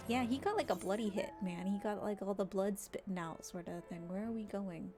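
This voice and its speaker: A woman's voice: medium pitch, fairly quick, few pauses, a little mellow, faint music behind. A woman game streamer giving blunt, sweary, chatty commentary while she plays. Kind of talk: casual gameplay commentary.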